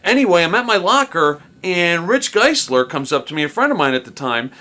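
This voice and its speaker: Middle-aged man, slangy storyteller, bright voice with a lot of pitch swing. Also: a little fast. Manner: animated, slangy, peppered with "dude" and "man". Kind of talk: casual spoken storytelling.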